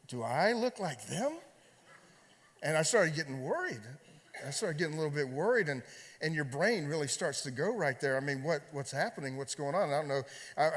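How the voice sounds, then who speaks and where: A man preaching as a pastor, telling a personal story in a conversational, halting way with many fillers and repeated words. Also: fairly high pitch, fairly bright tone. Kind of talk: sermon storytelling. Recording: long hall reverb.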